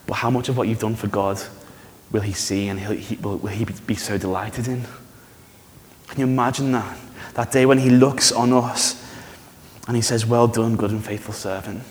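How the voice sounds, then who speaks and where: Preacher in a reverberant hall. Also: male voice, lowish voice, moderate pace. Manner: conversational, animated, asks the congregation questions. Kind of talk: sermon. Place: church hall.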